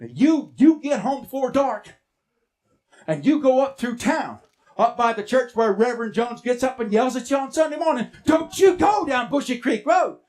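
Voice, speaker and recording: A man's voice: extremely high pitch, lively intonation, moderate pace, a little mellow, pitched above the performer's own voice. A man doing a bossy Southern mama. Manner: scolding, warning, bossy. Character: stern Southern country mother, protective.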